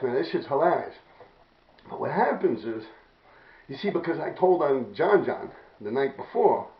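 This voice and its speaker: A man's voice: fairly high pitch, vocal fry, roomy sound, far from the mic, muffled recording. A middle-aged man with a New York accent telling a story casually, swearing a lot, acting out other people's lines and laughing often. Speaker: storyteller recounting his graffiti days.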